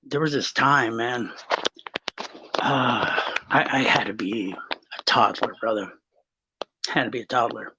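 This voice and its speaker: A man's voice: medium pitch, fairly even intonation, slow, pauses often, noisy background. A man from Texas in casual podcast chat, telling stories with lots of swearing and restarts. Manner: rambling, swearing, storytelling. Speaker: guest. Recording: slightly muffled recording.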